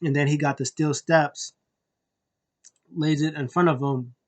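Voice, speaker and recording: A man hosting a wrestling review, retelling a match in an excited, rambling play-by-play way. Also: on the high side, measured pace. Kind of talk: casual wrestling recap.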